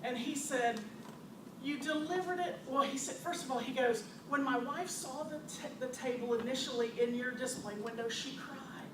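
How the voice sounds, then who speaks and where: A woman who owns a store, telling animated customer stories to an audience with frequent laughter. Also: sits high, moderate pace. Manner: animated, laughs often, acts out customers' quotes. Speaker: store owner presenting to a business audience. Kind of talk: storytelling presentation. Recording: distant, echoey, noisy room recording.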